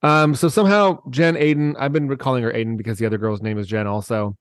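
A man's voice: mid-range voice, fairly even intonation, fast talker, dry recording. Chatty man with a dry sound. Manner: chatty, joking, laughs often. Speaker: podcast co-host. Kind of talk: casual chat recapping a reality show.

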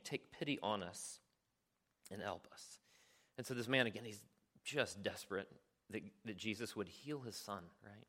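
A man's voice: on the low side, normal speed, bright, forceful tone. Earnest man preaching a sermon. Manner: earnest, conversational preaching with frequent "right?" asides. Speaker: pastor.

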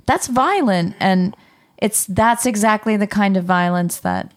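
A woman's voice: medium pitch, a little slow. A woman co-hosting a podcast, earnest and engaged in the discussion. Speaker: podcast co-host. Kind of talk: casual discussion.

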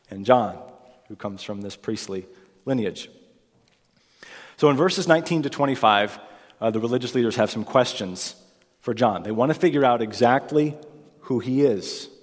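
A man preaching a sermon, reading scripture aloud and then explaining it, emphatic and lifting his voice for quoted lines. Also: medium pitch. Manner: emphatic, rising for quoted lines, occasional fillers. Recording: long reverb of a large hall.

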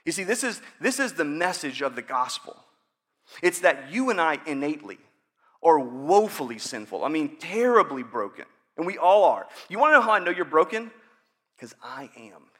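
A man's voice: fairly high pitch, big pitch swings, normal speed, sharp tone. A man in his thirties preaching a sermon in a conversational, joking way, acting out prayers. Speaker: pastor.

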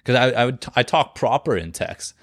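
A man's voice: medium pitch, animated, fairly quick, dry recording, studio quality. A man hosting a casual podcast chat, laid-back, swearing casually and laughing often.

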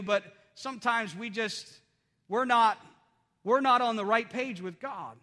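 This middle-aged pastor speaks at a measured pace in a very high, pushed, bright voice, preaching earnestly and conversationally with frequent phrase restarts. Long hall reverb fills the church sanctuary recording.

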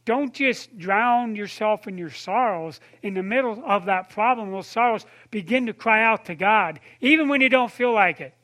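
High, bright-voiced man preaching conversationally. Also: moderate pace, few pauses. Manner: conversational preaching, addresses listeners by name, asks questions; drops to a soft low voice for tender points. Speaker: pastor. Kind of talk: sermon.

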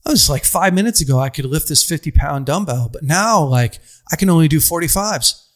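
A man's voice: on the high side, lively intonation, brisk. A young adult man giving a conversational motivational sermon to an audience, stacking phrases into long lists. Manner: conversational, repetitive lists, casual fillers. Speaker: speaker addressing an audience.

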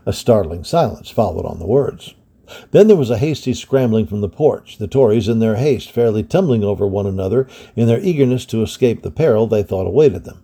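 Male storybook reader, gravelly and dark, steady measured narration. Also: fairly low pitch. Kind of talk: reading a historical adventure novel aloud.

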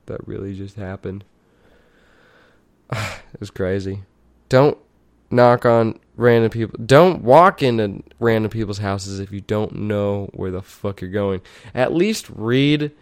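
A man's voice: lowish voice, no room sound. A young man telling a story in a casual, rambling way, swearing often and restarting his sentences.

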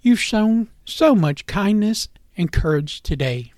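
Man voicing a gentle, grateful storybook mother bear; slow and soft, high voice. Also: expressive, no echo, clean studio sound.

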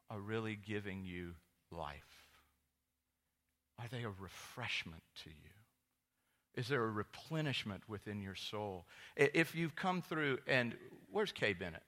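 A man preaches from the pulpit with a bright, forceful voice sitting a little low in pitch. He tells stories and acts out quoted exchanges, jumping to high, loud exclamations before settling back into earnest preaching. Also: very animated, a little slow. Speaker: pastor. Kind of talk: sermon.

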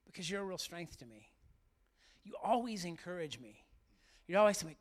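A man's voice: sits high, expressive, quick pace. A middle-aged man, a pastor, giving an earnest, heartfelt sermon and speaking directly to his congregation in church. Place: church sanctuary.

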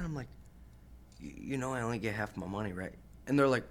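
A young professional fighter, a man, telling stories from his career in a casual podcast interview, animated and swearing, acting out the voices of the people he quotes. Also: lowish voice, moderate pace, pauses often. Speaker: professional MMA fighter guest.

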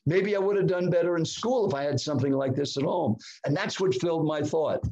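A man in his seventies, a guest in a podcast interview, telling a personal story with dramatic swings in pitch. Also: a little fast, darkish tone, dull audio. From United States. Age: 70s. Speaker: guest speaker.

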